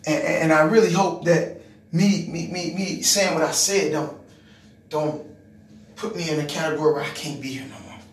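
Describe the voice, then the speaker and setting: A man's voice: on the high side, steady tone, normal speed, roomy sound, recorded from a distance, slight background noise. A man telling a personal testimony, repeating words and restarting his sentences, building to emphatic moments. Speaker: speaker giving a personal testimony. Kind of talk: testimony storytelling.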